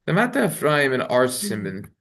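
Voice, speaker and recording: A man's voice: medium pitch, huge pitch swings, moderate pace, vocal fry, fairly bright tone. A man teaching a religious law class, chanting Hebrew passages and then explaining them in a conversational way. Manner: reads Hebrew text in a singsong chant, then translates; conversational, self-correcting. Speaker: rabbi teaching a halacha class. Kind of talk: Talmudic study lesson.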